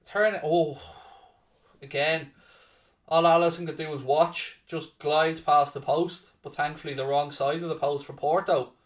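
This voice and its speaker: A man hosting a live football watchalong, chatting casually to viewers and breaking into loud excited shouting. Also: a little high, a little slow, distant mic. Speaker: watchalong host and commentator. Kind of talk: casual live match commentary.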